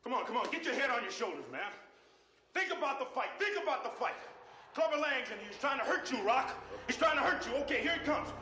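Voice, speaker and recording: A man's voice: very high voice, animated, fast talker, pushed and bright, slight background noise, heavily acted. An actor playing a fierce male boxing coach in a film, barking urgent commands at his fighter. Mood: shouting urgently. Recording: film clip with music and room echo.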